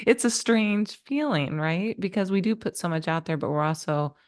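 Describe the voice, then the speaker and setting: A woman's voice: medium pitch, animated, normal speed, darkish tone, no echo, studio quality. A woman co-hosting a podcast over a video call, chatty and enthusiastic. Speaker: podcast co-host. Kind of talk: casual conversational interview.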